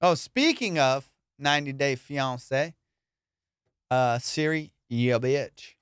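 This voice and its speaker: A man's voice: mid-range voice, takes it slowly, a bit bright, clean tone, no echo, studio quality. A man hosting a comedy podcast in crude, slangy casual chat, often slipping into put-on voices. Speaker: podcast host.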